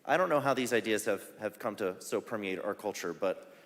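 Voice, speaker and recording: Wry low-voiced man in a reverberant hall. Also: fairly quick, a bit bright. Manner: wry, laughs at his own jokes. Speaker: satire site founder as guest. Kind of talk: conversational forum talk. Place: church hall, on stage. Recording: reverberant hall with faint ambience.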